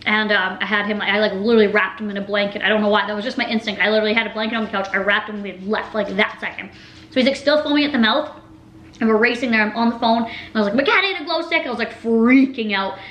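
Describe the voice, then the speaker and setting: A woman's voice: mid-range voice, fast talker, a bit bright, reverberant, rough recording. A woman in her twenties chatting casually in a vlog, rambling through her stories with lots of "like" and "literally". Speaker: vlogger. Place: home room with a table.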